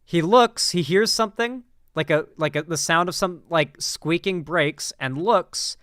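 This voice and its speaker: A man's voice: a little high, a little slow, fairly bright tone, clear, resonant tone. A man hosting casual political reaction commentary, rambling with many fillers, restarts and blunt swearing.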